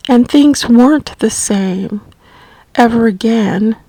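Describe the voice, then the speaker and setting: A middle-aged woman telling a personal story about caring for her mother, slow and gently reflective. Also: fairly high pitch, dry recording, rough recording. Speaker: family caregiver recounting her mother's illness.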